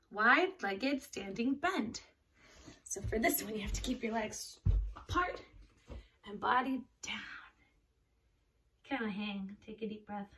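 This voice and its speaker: A woman leads a children's yoga lesson while reading a picture book aloud. Her voice is bright and slightly high, and she cheers the kids on in plain, simple words. She sounds set back from the mic, with faint noise behind her. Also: a little slow, pauses often, recorded from a distance.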